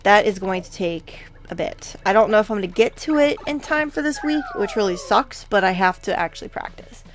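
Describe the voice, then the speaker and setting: A woman's voice: mid-range voice, lively intonation, brisk. A woman hosting a video game playthrough, talking through it in a chatty, rambling way with many asides. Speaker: let's play host. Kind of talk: casual game commentary.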